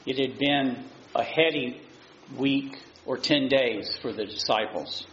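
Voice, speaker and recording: A pastor preaching a sermon in a church, retelling the story in a plain, conversational way. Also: male voice, medium pitch, takes it slowly, fairly bright tone, a little hiss or hum. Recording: roomy, muffled church recording.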